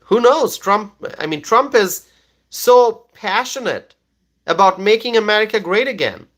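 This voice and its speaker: A man's voice: high voice, animated, measured pace, a bit bright. A man hosting a political livestream and reading out viewer comments. He is emphatic, repeats himself, and keeps checking in with "okay?".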